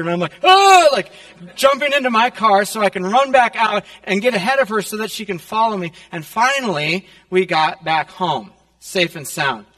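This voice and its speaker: A man's voice: high-pitched, fairly bright tone, big-room sound. A male pastor preaching casually, telling a personal story with many fillers, in a church. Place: church sanctuary.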